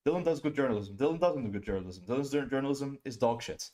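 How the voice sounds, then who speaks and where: A man's voice: mid-range voice, expressive, fast, hardly any pauses, mellow. Profane, scornful male streamer ranting. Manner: profane, scornful, mocking whiny impressions. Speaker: streamer host.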